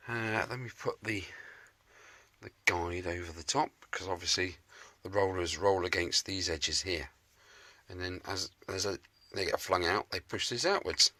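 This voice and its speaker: A man who vlogs about motorbike restoration chats casually to camera while working on a scooter in his home shed, cracking jokes and teasing himself. His voice sits low and comes across pushed and bright, at a normal speed.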